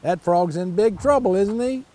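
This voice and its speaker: An older man reading a children's picture book aloud, pausing to chat about the pictures. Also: high voice. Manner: slow, lively storytelling with asides about the pictures. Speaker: storytime reader.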